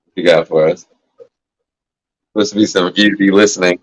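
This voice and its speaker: A man's voice: low-pitched, fairly even intonation, moderate pace, rough recording. A man hosting a casual livestream, talking in a loose, profane, rambling way and coughing now and then from smoking. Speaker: livestream host. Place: indoors at a grow setup.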